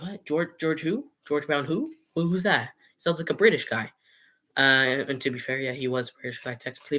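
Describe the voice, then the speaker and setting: A man's voice: fairly high pitch, fairly bright tone. Rambling opinionated guy. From Canada. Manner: rambling, opinionated, argues with imagined viewers. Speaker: vlogger. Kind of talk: casual opinion vlog to camera. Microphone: camera mic, showing items on camera.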